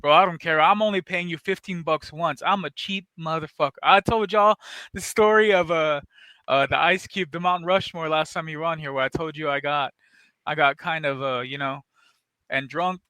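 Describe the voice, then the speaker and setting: A high-pitched man, with a bright, smooth voice, hosts a casual podcast chat. He tells loose, profane stories. The sound is close and dry. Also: moderate pace, no echo. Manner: loose, profane storytelling with laughs. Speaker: podcast host.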